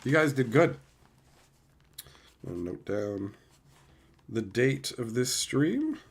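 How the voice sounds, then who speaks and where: A man's voice: medium pitch, sing-song, slow pace, gravelly, breathy edge. A man hosting a casual livestream, reading chat aloud in a laid-back, joking way. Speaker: streamer host.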